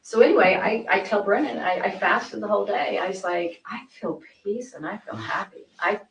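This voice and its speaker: A woman's voice: mid-range voice, moderate pace, creaky. A woman speaking in a recorded interview, rambling and acting out quoted conversations with many restarts. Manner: rambling, acts out quoted dialogue. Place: interview room. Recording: echoey room from far off, faint noise.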